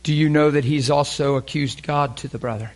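A male preacher delivering a sermon, fervent and openly emotional, asking the congregation questions and swinging between loud emphasis and hushed near-whispers. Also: fairly high pitch, fairly even intonation, fairly quick.

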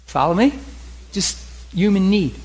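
A man preaching a sermon to a group, animated, acting out characters in his stories. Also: high voice, unhurried, slightly rough, rough recording. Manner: animated, voices characters in anecdotes. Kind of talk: sermon with acted-out scenes.

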